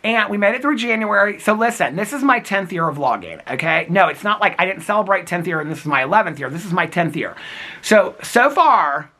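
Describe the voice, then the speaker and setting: His voice is high-pitched, animated, and fairly quick, bright and forceful. He's a man in his fifties talking to camera in a casual daily vlog outdoors in cold, snowy weather, chatty and giggly, calling viewers girl and honey.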